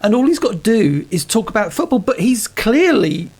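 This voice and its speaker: A man co-hosting a film podcast, talking in an animated way and acting out quotes. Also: sits high, moderate pace, breathy edge. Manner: animated, tells anecdotes with put-on quotes. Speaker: podcast co-host. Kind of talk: casual film chat.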